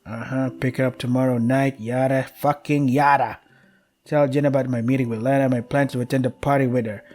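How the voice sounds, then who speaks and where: A man's voice: medium pitch, fairly even intonation, a little fast, a little mellow. A young man streaming a game, reading its text aloud and breaking off to swear and complain in exasperation, skipping lines with "yada yada".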